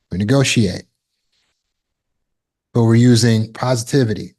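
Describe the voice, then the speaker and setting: A man's voice: fairly low pitch, steady tone, normal speed, pauses often, a little mellow. A man giving a motivational talk as a self-help teacher, emphatic and repetitive, explaining with everyday examples.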